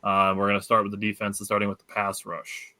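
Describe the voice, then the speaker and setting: Bright-voiced Wisconsin sports podcast host. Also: male voice, fairly low pitch, completely flat delivery, fast talker, no room sound. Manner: loose, filler-heavy, enthusiastic. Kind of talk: casual sports podcast chat.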